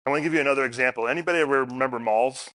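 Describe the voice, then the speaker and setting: At a community forum held in a meeting room, a middle-aged man gives a public talk, sharing casual stories and putting questions to the audience. His medium-pitched voice is sharp and racing, captured in a dry, studio-quality recording.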